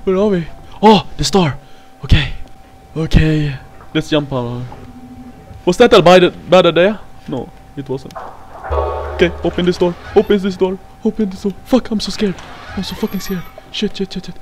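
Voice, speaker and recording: A woman commentating a horror game playthrough, jumpy and frightened, swearing, laughing nervously and shouting in fright. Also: on the low side, moderate pace, a little hiss or hum. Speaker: gaming channel host. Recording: game music behind the voice.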